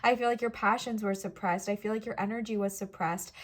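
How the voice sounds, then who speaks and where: A woman's voice: medium pitch, fairly even intonation, a little fast. A young woman giving an emotional, encouraging tarot reading, speaking straight to her viewers. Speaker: tarot reader.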